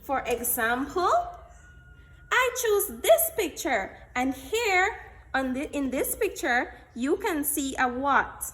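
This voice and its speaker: A woman's voice: high-pitched, very animated, takes it slowly, a bit bright, slight background noise. A woman teacher giving a phonics lesson to small children, patient and full of praise, repeating key words. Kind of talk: slow, deliberate classroom instruction to small children. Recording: echoey room.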